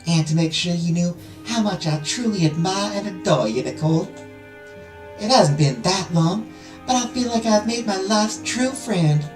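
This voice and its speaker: A man's voice: sits high, expressive, normal speed, roomy sound, soft background music, voice pushed up, poor audio. A man voicing a sweet, shy young princess with a put-on Southern accent, gushing and earnest as he reads a visual novel aloud.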